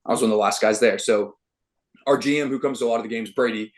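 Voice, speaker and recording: A young man, a baseball pitcher, telling a story in a casual interview with lots of slangy "dude" and "like" fillers. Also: steady tone, fast. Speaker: guest, professional baseball pitcher.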